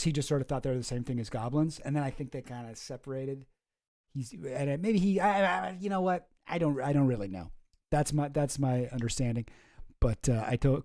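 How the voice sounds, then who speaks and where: A man's voice: a little high, dark tone, dry recording, clean studio sound. A man hosting a casual stream, rambling and jokey, often stopping himself mid-sentence. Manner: rambling, self-interrupting, jokey. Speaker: streamer host. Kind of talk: casual chat.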